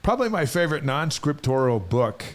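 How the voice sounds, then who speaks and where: A man's voice: on the high side, sing-song, brisk. A man co-hosting a casual chat show, easygoing, laughing often and reading out facts about the day. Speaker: co-host. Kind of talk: casual radio-style chat.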